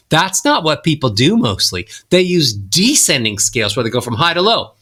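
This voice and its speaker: A man's voice: moderate pace, hardly any pauses. A middle-aged man, a voice coach, teaching in a podcast interview and showing tips with his own voice. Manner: animated teacher, swoops pitch up and down to demonstrate. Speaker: voice coach guest.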